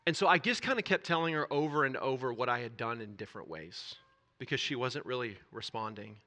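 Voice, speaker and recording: A man shares a raw personal testimony before a church group. His voice is bright and forward, with hesitant restarts, sinking to near-whispers on the painful parts and lifting with energy when he is stirred. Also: medium pitch. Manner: earnest, halting confession that drops to near-whispers and swells when stirred. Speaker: church speaker.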